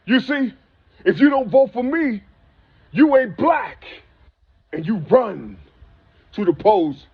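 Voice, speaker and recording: High husky man preaching "you see". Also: lively intonation, slow, muffled recording. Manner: rhetorical questions, profane. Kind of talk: rambling spoken monologue.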